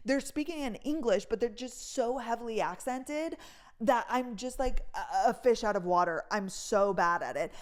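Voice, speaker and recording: A young woman from North Dakota chatting casually in a rambling voice-memo style, filling her talk with "like". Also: mid-range voice. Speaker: vlogger.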